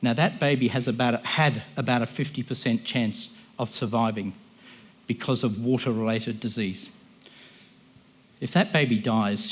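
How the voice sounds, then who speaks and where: Man, guest preacher, emphatic, impassioned sermon, mid-pitched voice. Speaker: guest speaker.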